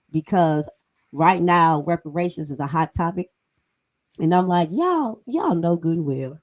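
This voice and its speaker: A woman's voice: on the low side, dry recording, rough recording. A middle-aged woman co-hosting a podcast discussion, talking emphatically and conversationally with frequent laughs. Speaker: podcast co-host.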